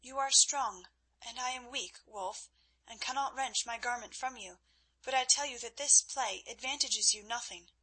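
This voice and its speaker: A young noblewoman speaking in measured, grave words, stern yet gentle, read by a woman. Her voice is bright with a husky edge, a little higher than middle. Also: rough recording. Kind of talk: audiobook character reading.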